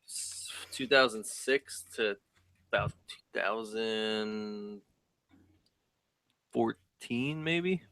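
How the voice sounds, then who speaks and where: A man's voice: fairly low pitch, drawn-out words, long pauses, pushed and bright, no echo. Laid-back male co-host. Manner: laid-back, brief replies. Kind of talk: casual chat.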